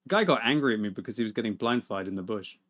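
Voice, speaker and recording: A man, chatting and laughing through live gaming stream commentary, with excitable outbursts. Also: on the low side, very fast. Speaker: game streamer.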